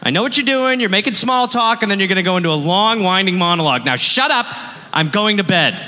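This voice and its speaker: A man's voice: sits high, animated, quick pace, big-room sound. A man co-hosting a live comedy podcast, riffing with an exasperated manner. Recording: live show with loud ambience.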